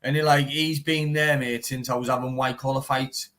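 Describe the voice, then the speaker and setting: In a laid-back live-stream interview, a young bare-knuckle fighter from Teesside, northeast England, chats animatedly, swearing frequently and dropping "mate" constantly. His medium-pitched voice is fairly bright but flat in delivery, at a normal speed.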